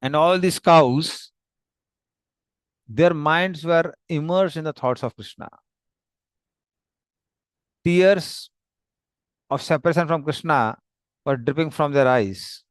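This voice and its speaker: Slow, dry-voiced male storyteller. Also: a little high, dry recording. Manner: slow, plain, explanatory with pauses. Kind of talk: storytelling narration with slides.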